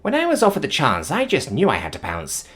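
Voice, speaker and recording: A man's voice: on the high side, wildly swooping pitch, brisk, a bit bright, voice pushed up. A man voicing an eager, enthusiastic young female alien who speaks with a strong accent.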